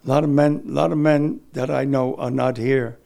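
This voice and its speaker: An older man, giving a halting, emotional oral history of his war experience. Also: medium pitch, fairly even intonation, gravelly, warm tone. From New York City. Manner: halting, repeats words, emotional.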